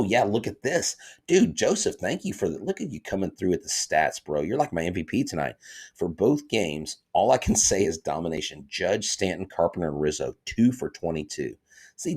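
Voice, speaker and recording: Deep-voiced excitable sports host. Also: male voice. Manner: excitable and chatty, reads viewer comments aloud. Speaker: podcast host. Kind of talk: live-stream sports talk.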